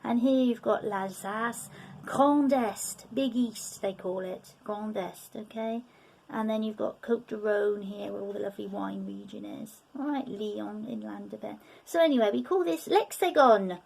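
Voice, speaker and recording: A woman's voice: medium pitch, gravelly, a little mellow. A middle-aged woman teaching a beginners' language lesson, patient and repetitive, often checking in with "okay?". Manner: patient, repeats words slowly, checks in with "okay?". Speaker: French teacher. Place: room, sitting at a table.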